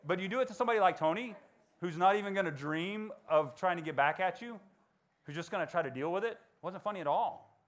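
A man in his forties telling personal stories to a young audience in a casual, animated way. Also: quick pace. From Georgia. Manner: animated, acts out dialogue in high voices. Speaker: motivational speaker. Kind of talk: storytelling talk to students.

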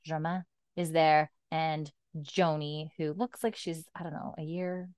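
A woman's voice: deep voice, level tone, a little slow, darkish tone, no room sound, clean studio sound. A woman hosting a casual recap chat, rambling with fillers and acting out quotes. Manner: chatty, many fillers, acts out quotes.

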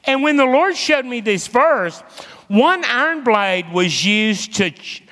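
Male preacher, bright tone, slow deliberate delivery, long hall reverb, animated storyteller. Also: extremely high pitch. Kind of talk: sermon with personal storytelling.

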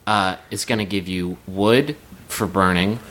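A man's voice: deep voice, a bit bright. A man co-hosting a comedy podcast, riffing goofily in casual banter and laughing easily. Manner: goofy, riffing, quick to laugh. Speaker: podcast co-host.

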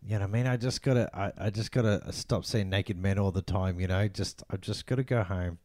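A man, co-hosting a casual film podcast and speaking in an animated way with casual slang. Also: sits low, a little fast, no echo, studio quality. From Australia. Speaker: podcast co-host.

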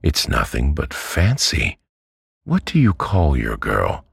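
A man putting on a domineering old aunt from a storybook, curt and commanding, raised higher than his deep voice, a gravelly, husky edge, dry close sound. She barks orders and brooks no contradiction. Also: huge pitch swings, slow pace, dry recording, heavily acted. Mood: stern. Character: stern, brisk elderly aunt, domineering and abrupt.

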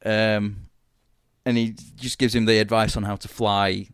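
Man, lowish voice, dry close sound, casual rambling podcast chat, swears freely. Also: little pitch movement, normal speed, smooth, dry recording. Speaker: podcast co-host. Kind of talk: casual chat about a TV series.

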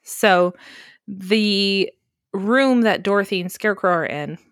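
A woman recaps a film in casual podcast chat and tells it with real gusto. She curses freely and keeps slipping into goofy character voices. Her voice sits at a middle pitch and is recorded close and dry. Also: slow, no echo. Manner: animated storyteller, acts out characters in funny voices, swears casually.

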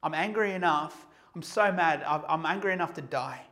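A man's voice: a little high, normal speed, sharp tone, voice pushed down. A man voicing a bitter, sulking prophet who complains petulantly and stammers over his words. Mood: sulky anger.

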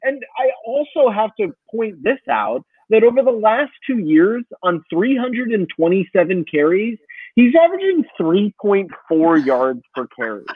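Podcast co-host, man, opinionated and profane, husky voice on a tinny phone-like line. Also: high-pitched, big pitch swings, moderate pace, no room sound. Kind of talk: casual sports podcast chat.

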